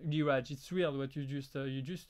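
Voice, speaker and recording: A man with a French accent, French as his first language, hosting a live prop-making Q&A in a halting way, with many restarts and fillers. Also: medium pitch, fairly even intonation, clear, resonant tone. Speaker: prop-making channel host. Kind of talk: live stream Q&A chat.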